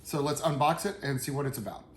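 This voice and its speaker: A man's voice: medium pitch, fast. A man hosting his channel, casually chatting through a product unboxing in an easygoing, rambling way with loose fillers. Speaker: product reviewer and channel host. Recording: roomy echo, faint background noise.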